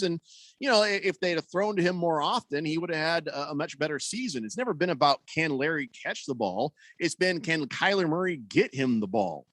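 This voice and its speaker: A man's voice: on the high side, expressive, a little fast, a bit bright, dry recording. A man hosting sports talk radio, ranting and sarcastic as he riffs on team news and reads listener comments.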